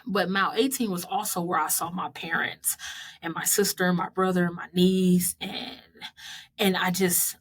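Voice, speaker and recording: A woman in her thirties with a somewhat low voice talks through her marathon recap. She is heartfelt and casual, laughing often as she dedicates each mile to the people she loves. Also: steady tone, measured pace.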